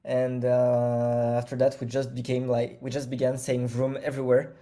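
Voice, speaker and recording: Halting, mellow-voiced man. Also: mid-range voice, monotone. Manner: halting, many fillers and self-corrections. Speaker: project founder guest. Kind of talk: casual chat.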